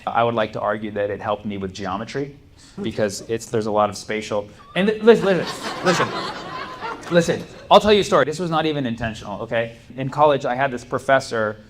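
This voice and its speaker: A man's voice: mid-range voice, a little fast. A man doing a stand-up set, telling stories in a loose, rambling way with lots of fillers and restarts. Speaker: stand-up comedian. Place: comedy club stage. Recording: live club recording with steady background noise. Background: audience ambience.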